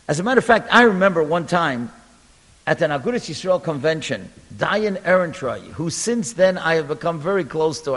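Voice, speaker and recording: Sermon speaker: man, high voice, animated storyteller, echo of a large hall. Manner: animated storytelling, chants Hebrew verses. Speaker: rabbi giving a talk.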